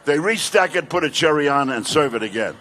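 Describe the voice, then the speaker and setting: An older male comedian doing stand-up, telling brash rapid-fire jokes. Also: a little high, expressive, fairly bright tone, a little hiss or hum.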